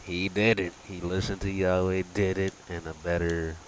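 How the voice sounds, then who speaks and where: A man's voice: low voice, level tone, normal speed, a little hiss or hum, rough recording. A man taking part in a casual group Bible study with short affirming remarks.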